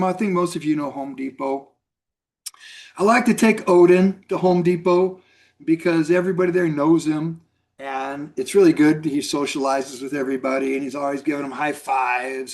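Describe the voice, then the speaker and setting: Middle-aged male mentor, somewhat high voice, casual rambling storyteller. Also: moderate pace. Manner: rambling, repeats words, lots of "you know". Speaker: network marketing mentor. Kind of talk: casual storytelling on a video call.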